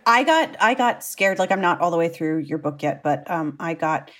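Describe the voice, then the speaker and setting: A woman hosting a casual podcast interview, playful and quick to laugh, often jumping in with asides. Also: on the low side, expressive. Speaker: podcast host.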